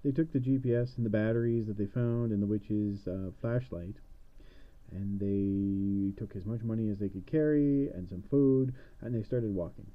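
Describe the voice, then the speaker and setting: A man's voice: lowish voice, normal speed. A man retelling a fairy tale casually, rambling with sarcastic asides, on a dull lo-fi recording. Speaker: storyteller.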